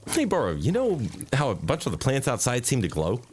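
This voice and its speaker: A man's voice: mid-range voice, wildly swooping pitch, a little fast, a little mellow. A man voicing a grumpy former woman warrior turned reluctant tea shop keeper, blunt and irritated. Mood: puzzled.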